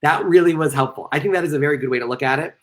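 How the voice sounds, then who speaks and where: A man giving a live-streamed lecture to performers, reading out chat comments and cracking joking asides as he goes. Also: rapid-fire. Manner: joking asides, sudden playful jumps in pitch. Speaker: lecturer and comedian.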